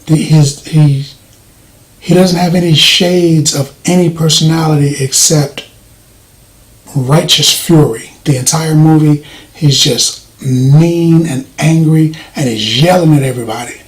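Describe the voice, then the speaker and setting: Soft-spoken guy reviewing a movie, kinda high voice, rambles and restarts a lot. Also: fairly even intonation, unhurried, poor audio. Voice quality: voice does not carry, soft-spoken. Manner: rambling, hesitant, frequent fillers and restarts.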